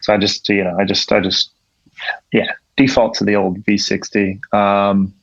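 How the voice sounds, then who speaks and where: A young man chatting on a podcast, his lowish voice full of gravelly fry. He rambles and swears freely, stacking up "like" between thoughts. The recording sounds dull and lo-fi, with a close, dry feel. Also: flat delivery, moderate pace, no room sound. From Ontario, Canada. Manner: laid-back, rambling, swears freely, lots of "like". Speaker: podcast guest, coffee professional. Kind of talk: casual chat.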